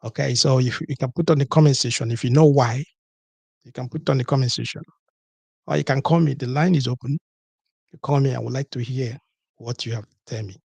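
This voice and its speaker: A man with a gravelly, husky voice hosts a solo podcast in a dry, close-sounding room. He asks rhetorical questions and keeps coming back to the same points, checking in with listeners as he goes. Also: medium pitch, a little fast, darkish tone, no echo. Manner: rhetorical, repeats points with "okay?" and "what?". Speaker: podcast host.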